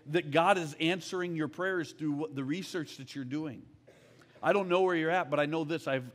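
A man, an executive pastor, preaching a conversational, candid sermon in church and often checking in with the crowd. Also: fairly high pitch. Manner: conversational, candid, often asks "all right?".

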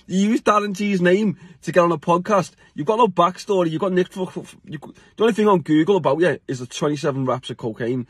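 A middle-aged British man rants bluntly straight to camera, swearing freely and breaking into short laughs between points. His voice sits a little high for a man and comes through husky. The sound is dry and close, with no room echo. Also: fairly quick. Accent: British English. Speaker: vlogger. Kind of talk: casual rant to camera.

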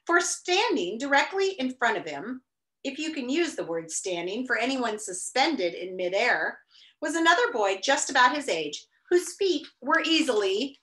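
Woman teacher reading aloud, expressive, lively pitch, slightly high, roomy echo. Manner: expressive, chatty asides. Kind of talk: reading a novel aloud to students.

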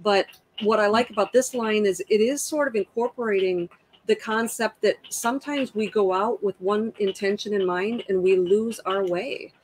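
A woman's voice: medium pitch, normal speed, breathy edge, low-quality recording. A woman co-hosting a podcast, speaking in a thoughtful, articulate way. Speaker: podcast co-host. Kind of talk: reflective discussion.

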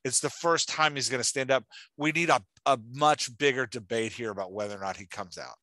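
Bright-voiced, enthusiastic man hosting a chat. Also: medium pitch, a little fast, no room sound. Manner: enthusiastic, chatty, lots of "like". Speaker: podcast host giving writing feedback. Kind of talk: casual chat.

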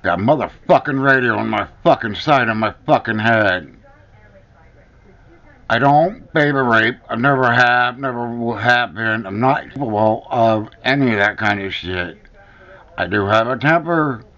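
A man's forceful, bright voice, medium in pitch and a little slow, carries an angry, profane rant directed at the camera. The vlogger repeats his accusations insistently, and the recording is dull and lo-fi.

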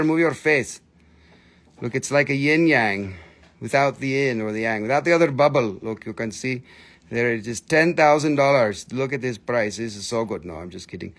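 Excitable guy selling rocks on a live stream, gravelly voice, middle pitch, jokes around with the chat. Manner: excitable, gushing, jokey, chatting to viewers. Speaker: host of a live rock and mineral sale.

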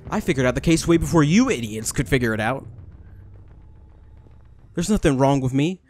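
A young man casually commentating a video game as he plays, excitable, laughing often and swearing at the screen. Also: medium pitch, normal speed, soft background music. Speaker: gaming YouTuber. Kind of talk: casual let's-play commentary.

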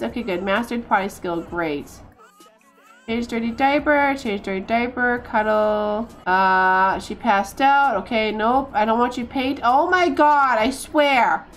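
A woman streamer talks over her game with a high voice that swings widely in pitch. She is excitable and quick to laugh or groan in exasperation, and faint music plays behind her. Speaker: gaming streamer. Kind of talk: casual gameplay commentary.

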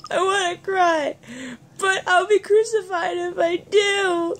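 A woman voicing a timid, frightened game creature in a hushed, nervous, pleading way as she reads game dialogue aloud. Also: a little high, a little slow, a little hiss or hum, close to an everyday voice. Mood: scared. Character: timid frightened small creature afraid of its ruler.

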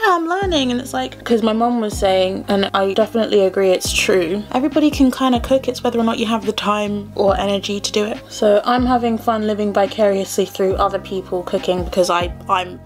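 A young woman chatting casually through a makeup tutorial at home, self-deprecating and full of rambling asides. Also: mid-range voice. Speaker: beauty vlogger. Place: home room, indoors. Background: faint background music.

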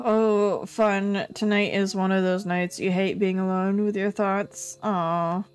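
A woman streaming a game live, chatting casually with her viewers and reacting out loud to the game. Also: medium pitch, little pitch movement, takes it slowly, clean tone, soft background music. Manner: chatty, reads chat, bursts into loud frustrated yelps.

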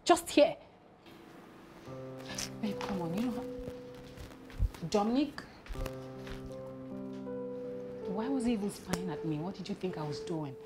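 An actress with a Nigerian accent playing a hot-tempered wife and businesswoman who demands payment from a friend, her voice jumping from sharp outbursts to low murmurs. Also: over music, lightly acted. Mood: defensive irritated. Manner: sharp, demanding, quick to rise then drop to a low murmur.

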